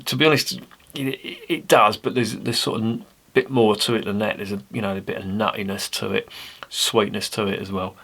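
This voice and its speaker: A man's voice: fairly low pitch, fairly even intonation, a little fast, vocal fry, fairly bright tone. A man, reviewing a beer in a chatty, rambling way with jokey asides. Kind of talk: casual beer review to camera.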